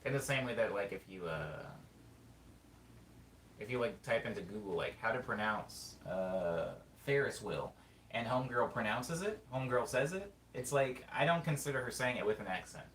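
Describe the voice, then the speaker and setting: A man from California with a Californian accent, chatting casually as a streamer, thinking aloud and reading chat in a rambling, drawn-out way. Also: medium pitch, lively intonation, fairly bright tone. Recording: roomy sound, mic at a distance, faint background noise.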